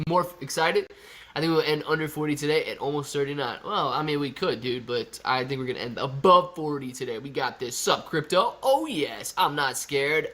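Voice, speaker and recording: Hosting a live stream while nursing a cold, this man sounds stuffy and congested as he reads chat comments aloud and jokes around. His voice is a little high, pushed and bright.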